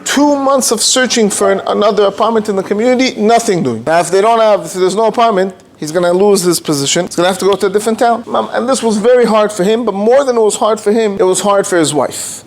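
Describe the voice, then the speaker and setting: A man, a rabbi, telling a story in an animated way and mixing Hebrew and Yiddish terms into his talk. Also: sits high, fast talker, few pauses. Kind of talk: storytelling lecture.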